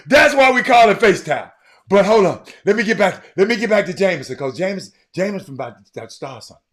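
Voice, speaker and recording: Man, live-stream host, high voice, swoops all over, teases chat by name. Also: normal speed. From Texas. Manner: animated, teasing viewers by name, often shouting. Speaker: livestream host talking sports.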